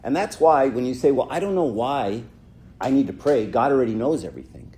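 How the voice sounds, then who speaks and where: Mellow-voiced man giving a church talk. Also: mid-range voice, animated, brisk. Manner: conversational, asks "right?" often, acts out quotes. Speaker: church speaker. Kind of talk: informal talk to a youth audience.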